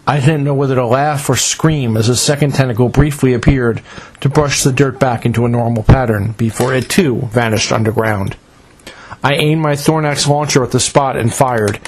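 A man reading a first-person adventure story in a measured, dramatic storytelling manner. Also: medium pitch, rough recording. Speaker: narrator.

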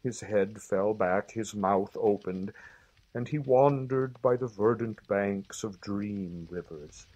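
A man reading a classic children's story aloud for his family with gentle, expressive storytelling. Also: lowish voice, slow, poor audio. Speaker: reader.

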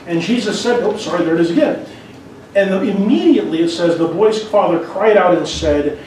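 A man with a fairly high voice preaches a sermon in an earnest, conversational manner, often stopping to restart a phrase. He is recorded from a distance in a church sanctuary. Heavy echo fills the sound, and faint noise sits underneath. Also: animated, moderate pace, darkish tone. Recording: very echoey hall, mic far off.

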